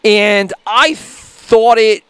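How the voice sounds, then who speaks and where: A man co-hosting a podcast, chatting casually in an animated, wordy way. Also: high-pitched, very slow, smooth, dry recording. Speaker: podcast co-host. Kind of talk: casual chat.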